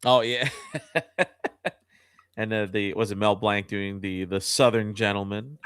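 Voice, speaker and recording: A man from New Jersey chatting casually as a guest, laughing often and slipping into falsetto bits. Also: steady tone, a little slow, fairly bright tone, clean tone, dry recording. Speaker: guest co-host. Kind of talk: casual chat.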